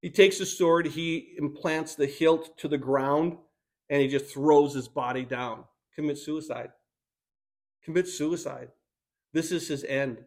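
A man's voice: a little high, fairly even intonation, unhurried. A male pastor preaching a sermon in an earnest, emphatic way, repeating key phrases, his voice strained by sickness. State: sick, strained voice.

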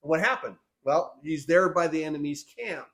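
A man preaching a sermon, animated, acting out Bible figures in quick back-and-forth dialogue. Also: fairly high pitch.

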